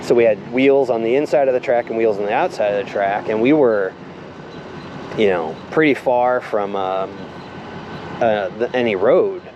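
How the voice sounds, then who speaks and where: A man casually telling a story from his own life, halting and rambling, with many fillers. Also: lowish voice, lo-fi sound, noisy background. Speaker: vlogger telling a personal story.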